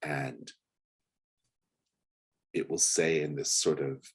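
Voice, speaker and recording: A man's voice: extremely low pitch, flat delivery, slow, breathy edge. A man narrating as game master of a tabletop game, describing scenes in a hesitant way with many fillers.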